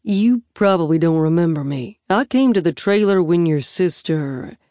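A woman's voice: on the low side, expressive, normal speed, warm tone, no room sound, studio quality. A woman voicing a kindly male police officer who speaks hesitantly and carefully.

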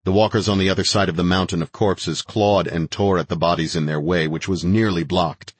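A man's voice: low-pitched, fairly even intonation, a little fast, husky, no room sound. A man narrating a first-person action thriller with a terse, driving delivery. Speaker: audiobook narrator.

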